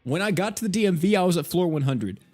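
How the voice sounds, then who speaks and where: A man's voice: sits high, expressive, fast talker, darkish tone, soft background music. Exasperated young American man ranting. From United States. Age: 20s. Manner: exasperated, swears freely, laughs through his stories. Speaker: game streamer. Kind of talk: casual storytelling chat while gaming.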